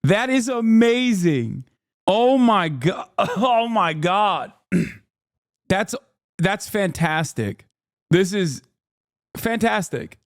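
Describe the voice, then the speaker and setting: A man in his thirties streaming a reaction, talking casually and excitedly with laughs and quick bursts of exclamation. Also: high voice, no echo, clean studio sound. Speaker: streamer reacting to a debate video.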